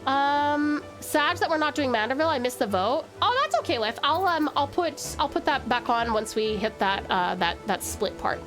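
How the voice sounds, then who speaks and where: A young woman chats warmly with her viewers while she plays a game, calling them honey and cursing casually. Her voice is high and highly animated. Game music plays clearly underneath. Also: normal speed, few pauses. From Tasmania, Australia. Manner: bubbly, affectionate, swears casually. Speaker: streamer. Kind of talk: live game stream chat.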